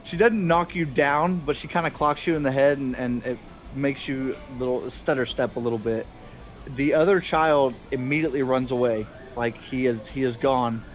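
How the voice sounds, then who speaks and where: A man's voice: medium pitch, fairly even intonation, normal speed, rough recording. Rambling male game master. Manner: rambling, self-correcting narration. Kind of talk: narrating a tabletop game.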